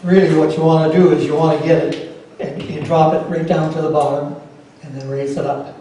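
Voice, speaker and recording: Man, club workshop presenter, plainspoken and practical, slightly high mellow voice, distant mic, very echoey room. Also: little pitch movement, fairly quick. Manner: plainspoken, practical, answers questions on the fly. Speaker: club presenter teaching routing. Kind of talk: informal workshop demonstration with audience questions. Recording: very echoey room, voice from far off, faint noise.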